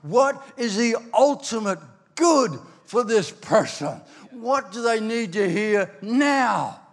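Older preacher in a big hall. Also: male voice, high voice, slow. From Ireland. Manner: animated storytelling, acts out quoted voices, swings loud and soft. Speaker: pastor. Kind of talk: sermon. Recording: long hall reverb.

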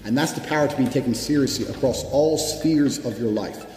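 A man's voice: mid-range voice, a little fast, darkish tone. Blunt, profane man preaching in reverb. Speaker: motivational speaker. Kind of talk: motivational speech. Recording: echoey hall reverb with background music.

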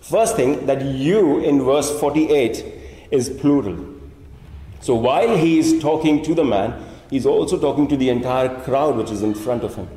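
A man preaching a sermon as pastor, animated, often voicing imagined speakers in his asides. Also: medium pitch, moderate pace, roomy sound, long reverb tail.

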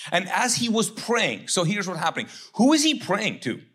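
A middle-aged man preaching a sermon as pastor, conversational and joking, acting out quick voices of others. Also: high voice, huge pitch swings, fairly bright tone, breathy edge.

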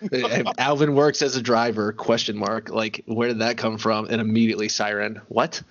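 Podcast co-host, male, lower voice, measured with dry wit, lo-fi recording. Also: steady tone, a bit bright. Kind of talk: casual chat recapping a TV episode.

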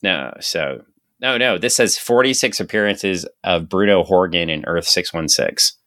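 A man co-hosting a podcast about comic books, talking casually, sarcastic and quick to laugh. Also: low-pitched, bright, forceful tone, dry recording, clean studio sound. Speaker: podcast co-host. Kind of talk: casual comic book chat.

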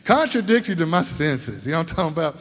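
A man's voice: on the high side, sing-song, fast, fairly bright tone. A middle-aged man, giving a sermon testimony as folksy stories that keep checking in with his listeners. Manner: folksy storytelling, often asks "you know what I'm talking about". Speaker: lay speaker at a church service. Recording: reverberant church hall.

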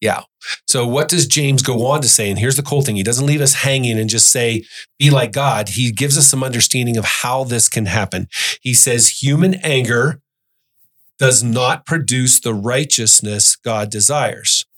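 A man's voice: mid-range voice, moderate pace, a bit bright. Male podcast host with a mid-range voice, earnest, reads scripture aloud. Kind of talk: Bible study discussion.

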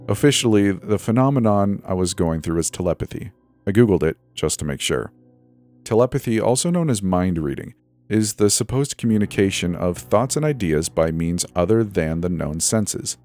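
Deep-voiced man narrating a horror story. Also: darkish tone. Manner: measured, dramatic storytelling. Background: faint background music.

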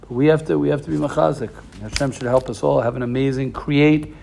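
Gravelly impassioned man giving a Torah talk. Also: medium pitch, steady tone, fast, dark tone, a little hiss or hum. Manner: impassioned, repetitive, addresses listeners directly. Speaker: rabbi.

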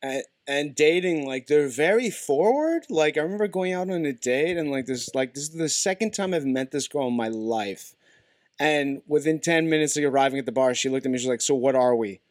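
A man's voice: fairly high pitch, lively intonation, a little fast, no room sound, clean studio sound. A young man from Quebec, a podcast guest, telling loose stories with laughs and swearing. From Quebec, Canada. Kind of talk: casual chat.

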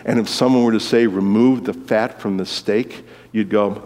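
A man preaching a sermon as a pastor, swinging between loud, lively exclamations and quiet, low asides. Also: normal speed, in a large hall.

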